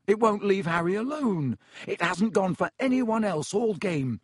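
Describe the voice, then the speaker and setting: A hot-tempered teenage boy athlete speaks up indignantly, as a man puts him on. His voice is pitched a little high with a husky edge. The recording is dry and close. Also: expressive, a little slow, dry recording, heavily acted. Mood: angry. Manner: indignant, raised voice.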